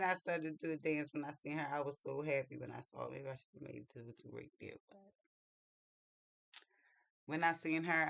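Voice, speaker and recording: Bright-voiced man telling a story. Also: a little high, creaky, dry recording. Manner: animated, chatty, acts out quotes. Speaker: vlogger. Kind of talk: casual storytelling.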